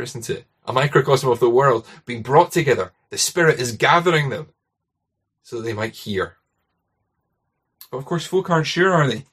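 A man's voice: mid-range voice, slightly rough. A man with a Scottish accent preaching a sermon in a conversational way, often tagging his points with rhetorical questions.

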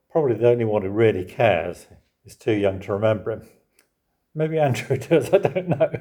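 An older man with a lowish voice gives an expository sermon. He talks to his congregation conversationally and keeps checking in with rhetorical tag questions. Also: warm tone. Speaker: preacher.

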